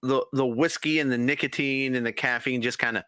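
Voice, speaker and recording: A man's voice: mid-range voice, steady tone, brisk, a bit bright, clear, resonant tone, dry recording. A man co-hosting a casual beer stream, throwing in teasing, jokey asides. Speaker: co-host of a beer and sports stream. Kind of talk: casual chat.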